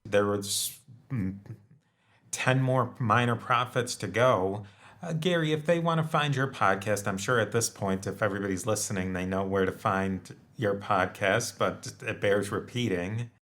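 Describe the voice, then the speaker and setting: A man with a low voice hosts a podcast conversation. He speaks casually and haltingly, often pausing on "um" and "uh" and restarting his sentences. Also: a bit bright. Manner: halting, many fillers and restarts. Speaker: podcast host.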